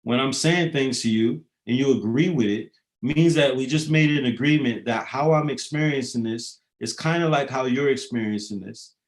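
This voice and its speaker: A man with an average-pitched voice talks off the cuff in a rambling, profane monologue. He slides from loose banter into earnest philosophizing and leans on fillers as he goes. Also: moderate pace. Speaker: rapper.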